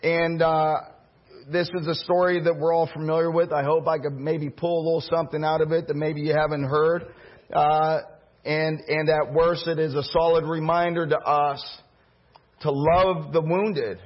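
A man's voice: a little high, flat delivery, moderate pace, dull audio. A man preaching a sermon as pastor and leading a prayer, earnest and emotional, rising in intensity. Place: church.

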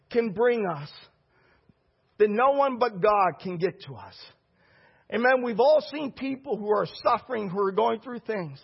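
A middle-aged pastor with a high, husky voice delivers a sermon, using call-and-response and climbing shouts to hammer home his points. The audio is muffled and lo-fi.

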